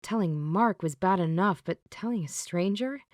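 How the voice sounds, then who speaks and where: A woman narrating a romance audiobook in a steady, clear storytelling manner. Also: fairly low pitch, normal speed, no echo, studio quality.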